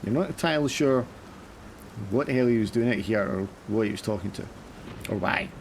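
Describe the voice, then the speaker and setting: Gravelly low-voiced male game master. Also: expressive, fairly quick, slight background noise. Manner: casual, many fillers. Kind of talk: narrating a tabletop horror game.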